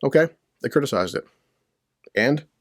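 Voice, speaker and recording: Sitting in his basement beside the boiler, a middle-aged commentary host swears constantly and fires off rhetorical questions while tearing into the news. He speaks at a normal pace in an animated, mid-range voice with a fairly bright tone, over a little hiss or hum.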